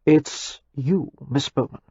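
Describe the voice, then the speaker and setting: A woman voicing a smitten young English lord, speaking in a husky, earnest and effusive way. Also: low-pitched, takes it slowly, dark tone, no room sound, heavily acted. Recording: slightly muffled audiobook recording.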